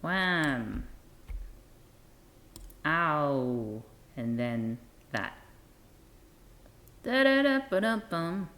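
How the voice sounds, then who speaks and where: A woman's voice: low-pitched, animated, measured pace. A woman streaming live, reading comics aloud with wry, amused, self-deprecating asides.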